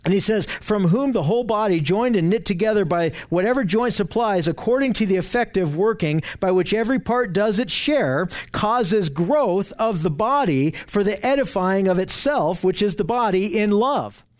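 A man preaching an earnest teaching sermon, reading scripture aloud and explaining it, with frequent restarts. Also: sits high. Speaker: pastor.

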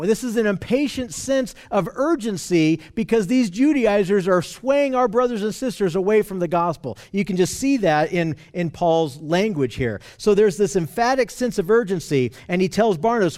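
A man's voice: high-pitched, expressive, moderate pace, hardly any pauses, a little mellow. A man preaching, explaining scripture in an earnest, conversational way with frequent restarts. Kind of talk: expository Bible teaching.

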